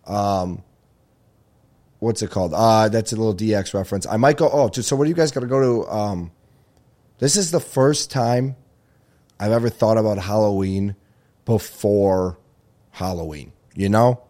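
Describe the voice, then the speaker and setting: Rambling low-voiced young man podcasting. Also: normal speed, pauses often, warm tone. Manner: distracted, rambling, swears casually. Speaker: podcast host. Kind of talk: rambling solo podcast chat.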